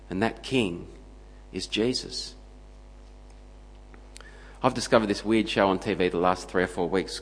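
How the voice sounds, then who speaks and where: A man preaching a sermon, emphatic and steady, building his points into punchy lists. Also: lowish voice, big-room sound, poor audio.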